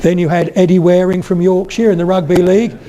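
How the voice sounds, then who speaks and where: A man's voice: sits high, little pitch movement, quick pace, mellow. An older man giving a public lecture, telling humorous anecdotes as he goes. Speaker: speaker on the history of spoken English.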